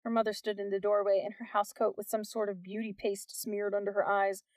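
A woman reading a novel aloud as the narrator, telling it at a steady storytelling pace. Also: mid-range voice, fairly quick, no echo.

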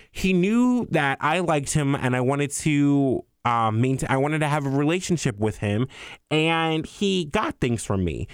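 Fired-up young man ranting, slightly high voice. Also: dry recording, clean studio sound. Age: young adult. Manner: animated, profane and exasperated. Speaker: vlogger. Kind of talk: ranting storytime.

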